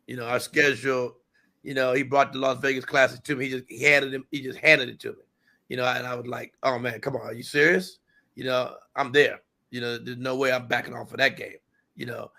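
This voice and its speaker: Gravelly, flat-voiced male guest. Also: mid-range voice, brisk. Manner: appreciative, many "you know"s. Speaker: guest, network executive. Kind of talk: casual talk show interview.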